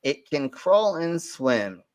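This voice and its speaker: A man's voice: on the high side, sing-song, slow. Male streamer host, casual rambling news chat, crude jokes. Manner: rambling, joking, restarts often.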